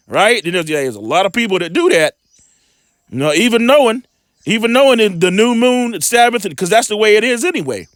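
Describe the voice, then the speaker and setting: A man with a high, lively voice works through scripture verse by verse. He stretches the readings out slowly and deliberately, then drops into relaxed, casual commentary between them. The sound is close and dry, with no room around it. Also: no room sound. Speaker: scripture teacher.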